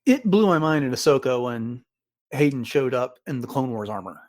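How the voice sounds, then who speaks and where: A man co-hosting a podcast in relaxed, easygoing talk, with a middle-pitched voice. His delivery is keen and chatty and full of little "uh"s. The sound is close and dry, with no room around it. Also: normal speed, dry recording. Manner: enthusiastic fan, relaxed with fillers. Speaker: podcast co-host. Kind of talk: casual chat.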